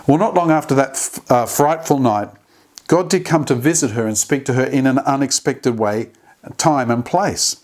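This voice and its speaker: Male devotional host at a middle pitch. Earnest storyteller who stumbles and restarts now and then. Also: normal speed, darkish tone. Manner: earnest, with small slips and restarts. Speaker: host of a short daily devotional. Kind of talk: devotional talk retelling a story.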